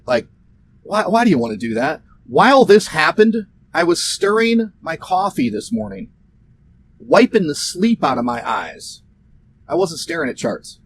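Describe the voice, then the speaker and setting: Sarcastic male software promoter with a fairly high voice, ranting to camera and swinging his pitch all over. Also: normal speed, vocal fry, slight background noise. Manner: animated, sarcastic, mocking. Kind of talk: ranting direct-to-camera talk.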